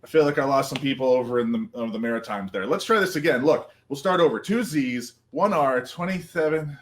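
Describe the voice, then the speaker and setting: A man's voice: mid-range voice, fairly quick. Goofy, joking man performer. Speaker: comedy variety performer. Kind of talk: comic bit on a livestream.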